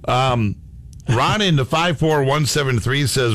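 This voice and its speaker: A man co-hosting a sports radio show in casual, chatty talk, reading out listener messages. His voice sits at a middle pitch. The studio sound is dry and close. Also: measured pace, fairly bright tone, no echo.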